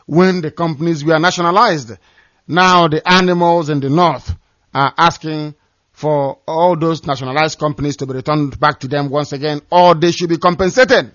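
A man's voice: on the high side, steady tone, normal speed, a bit bright, dry recording, dull audio. A man hosting a call-in radio broadcast, delivering a scornful, preaching monologue. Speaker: radio host.

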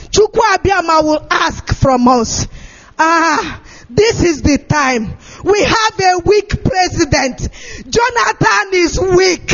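A man delivers a passionate political address in a very high voice, dragging out his words slowly. He shouts and pleads as if near tears. The recording is dull and lo-fi. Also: lively intonation. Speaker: activist speaker.

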